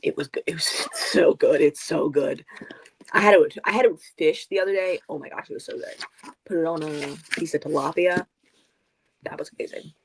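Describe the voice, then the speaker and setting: A woman with a fairly low voice chats casually on a book club livestream over a video call. She talks in animated, rambling bursts and wanders off track. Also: moderate pace, slightly rough. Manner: animated, rambling, goes off on tangents.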